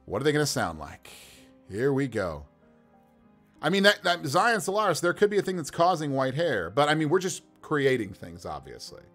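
Guy on a stream rolling dice for npcs, bouncy voice, laughs a lot, soft music behind. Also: fairly high pitch, moderate pace. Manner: animated, laughs often, talks to chat while rolling dice. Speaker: game master building characters. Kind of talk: casual livestream chat.

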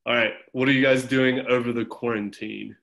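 A man's voice: medium pitch, fairly even intonation, a little fast, creaky, a bit bright. A young adult man coaching swimmers over a video call, casual and encouraging with some teasing. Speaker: swim coach.

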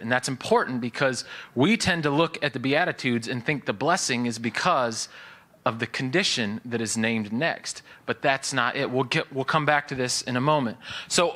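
A man's voice: medium pitch, normal speed, bright, forceful tone. A male pastor giving a sermon in a church, explaining scripture in a conversational teaching manner with casual asides.

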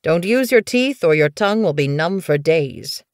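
Raspy old tomcat seer, voiced by a woman. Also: sits low, lively intonation, no room sound, studio quality. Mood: ominous. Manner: slow, ominous, commanding. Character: gruff old male medicine cat, cryptic.

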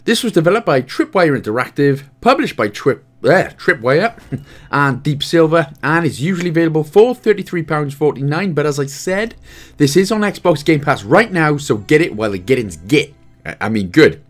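Explaining the controls of a game, a Welsh walkthrough host keeps things casual and sprinkles in jokes. His delivery is brisk and sing-song, his voice a little high.

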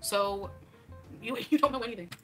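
A woman's voice: medium pitch, moderate pace, fairly bright tone, soft background music. A woman in her thirties on a casual livestream, defensive and argumentative as she reacts to clips.

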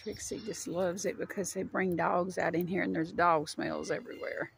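A woman's voice: fairly low pitch, steady tone, normal speed, gravelly, a little hiss or hum. A woman chatting casually as she walks her dog along a wooded park trail, a little out of breath. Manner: chatty, rambling, talks sweetly to her dog. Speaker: vlogger walking her dog. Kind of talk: casual walking narration.

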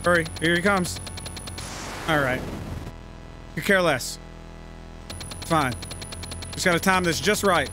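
A man giving live gameplay commentary, exasperated and swearing, yelling at the game as he plays. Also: a little high, takes it slowly, long pauses, over music, rough recording. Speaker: gaming channel host.

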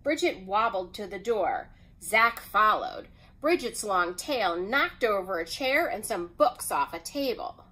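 A woman reading a children's picture book aloud as storyteller, in an expressive way. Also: mid-range voice, rough recording. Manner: expressive, unhurried.

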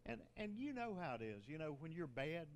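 A man's voice: on the high side, big pitch swings, brisk. An older man, a bishop, preaching a sermon in a conversational way, with joking asides and laughter.

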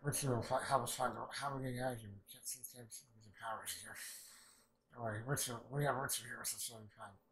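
A man's voice: mid-range voice, fast talker, low-quality recording. A man recapping and reacting to an anime episode in casual chat, swearing often and acting out the characters' lines. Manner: excitable, swears a lot, acts out characters' lines.

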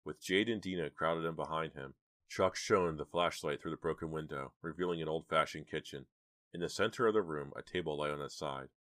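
A man narrating a horror audiobook in a steady, measured way. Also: rumbling low, no room sound.

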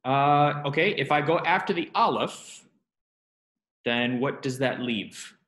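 A man teaching a Hebrew grammar class, talking students through the exercises with relaxed, self-deprecating asides and quick questions. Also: medium pitch, roomy sound. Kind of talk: classroom lesson.

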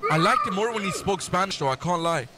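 A young man streaming a game, chatting excitedly and joking, mock-translating foreign phrases. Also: high-pitched, fast, very noisy. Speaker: gaming streamer. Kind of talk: casual gaming chat.

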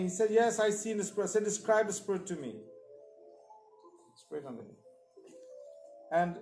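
Preacher with a fairly high voice. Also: male voice, a little mellow, roomy sound. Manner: storytelling, acts out the voices of others in dialogue. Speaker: preacher giving testimony. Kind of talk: sermon testimony. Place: church service.

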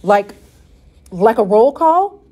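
A woman voicing a traumatized, frightened father who speaks in a shaken, halting way. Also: on the low side, warm tone, lightly acted.

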